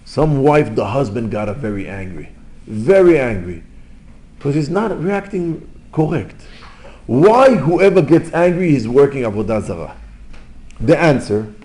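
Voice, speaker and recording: A rabbi gives an informal Torah lesson in non-native English, mixing in Hebrew terms and telling stories. His male, mid-range voice jumps between loud exclamations and quiet asides.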